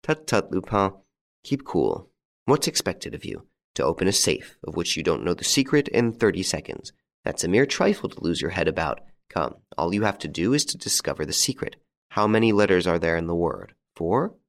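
A man reading the lines of a bold, mocking gentleman thief in an audiobook, with a jaunty, theatrical, taunting manner. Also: low-pitched, sing-song, normal speed, vocal fry, full character voice. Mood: brisk.

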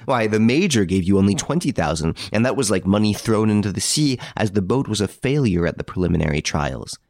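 A suave gentleman thief sneers and gives orders, as a male reader puts him on. His tone is mocking and sure of itself, lifted above a deep reading voice. The sound is dry and close. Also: animated, brisk, no room sound. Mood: scornful. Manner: mocking, authoritative.

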